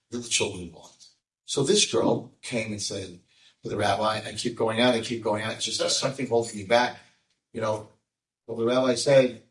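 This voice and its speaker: A man with an American accent, a rabbi telling a story as an animated storyteller to a live audience. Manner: animated storyteller, acts out quotes with sudden high voices. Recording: echoey room, speaker far from mic.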